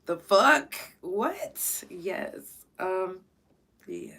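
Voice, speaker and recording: A woman's voice: lowish voice, very slow, gravelly, husky. A woman hosting her own podcast, talking in a casual, emotional monologue, swearing freely and close to tears. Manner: profane, excitable, close to tears. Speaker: podcast host.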